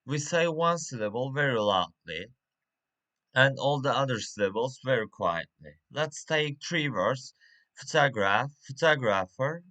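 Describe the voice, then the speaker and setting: Slow, halting man with a bright voice. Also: mid-range voice. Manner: slow and halting, with many fillers and restarts. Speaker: English teacher. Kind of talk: reading a pronunciation lesson.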